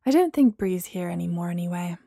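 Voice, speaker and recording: A woman's voice: lowish voice, animated, fairly quick, gravelly, dry recording, studio quality, pitched below the performer's own voice. Woman doing a kind young man friend. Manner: gentle, concerned.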